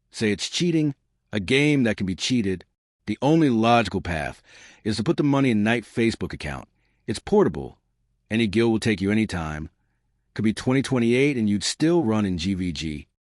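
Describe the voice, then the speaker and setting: A man hosts his channel in a disjointed monologue that jumps between tips and numbered lists. His lowish voice is animated at a moderate pace. The audio is studio quality with no room sound.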